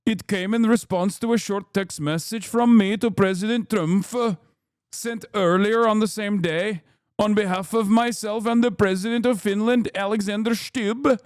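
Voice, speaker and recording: A measured Norwegian-accented head of government delivers a formal statement, as a man does the voice. The tone stays stiff and official, in a bright, clean voice recorded close and dry. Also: sits high, steady tone, clear, resonant tone, no room sound, close to an everyday voice. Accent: put-on Norwegian. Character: Norwegian male prime minister, formal, measured.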